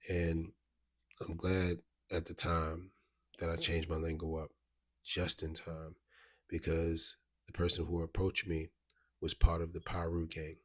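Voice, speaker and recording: Deep husky man. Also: completely flat delivery, a little slow, a bit bright. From Baltimore, USA. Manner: rambling, restarts, frequent "you know what I mean". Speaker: vlogger. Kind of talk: casual storytelling to camera.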